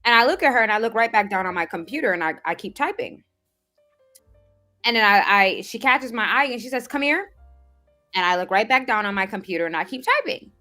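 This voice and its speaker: This adult woman, a self-improvement vlogger, talks quickly in a mid-range voice with faint music behind her. Casually recounting a personal story, including having seen one doctor since age sixteen, she's emphatic and indignant, acting out others' lines in a mocking voice.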